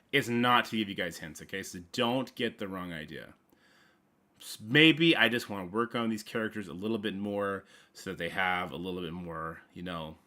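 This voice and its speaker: A man hosting a casual gaming livestream, rambling playfully with sudden loud bursts and mumbled asides. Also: lowish voice.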